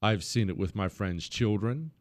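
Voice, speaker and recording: A man's voice: on the low side, animated, moderate pace, a little mellow, no echo, clean studio sound. A man hosting a talk radio show, delivering an opinionated monologue in an emphatic, sarcastic, often mocking way.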